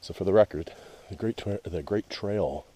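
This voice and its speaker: Very deep-voiced man grumbling on a hike. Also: moderate pace, warm tone, breathy edge. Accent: Canadian English. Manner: grumbling, wry, talks to the camera. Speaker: hiking vlogger. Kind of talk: casual narration while hiking. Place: wooded trail outdoors. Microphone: action camera.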